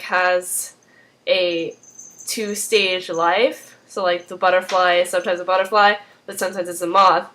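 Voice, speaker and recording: A woman's voice: mid-range voice, fairly bright tone. A woman casually recapping a TV episode, rambling along with lots of "like" and "um" and a few apologetic asides. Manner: rambling, heavy use of "like" and "um".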